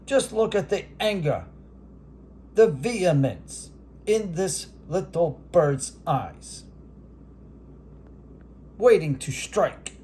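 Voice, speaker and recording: A man voicing a veteran male sportscaster doing bombastic, drawn-out ringside play-by-play over a mock bout. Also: high voice, sing-song, darkish tone, a little hiss or hum, full character voice. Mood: grandiose.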